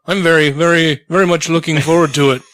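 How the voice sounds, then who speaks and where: A man's voice: fairly high pitch, steady tone, fast, fairly bright tone, no room sound. A man co-hosting a podcast in casual chat, joking and swearing, his voice slightly strained. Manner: loose, profane, chuckling. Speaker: podcast co-host.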